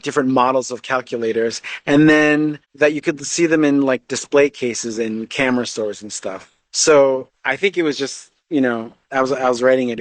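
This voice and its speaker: A man in a casual voice note, calmly rambling through a memory with many ums and likes. He speaks at an ordinary pitch. The sound is dry and close. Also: no room sound. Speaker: comedy writer and performer sending a voice note.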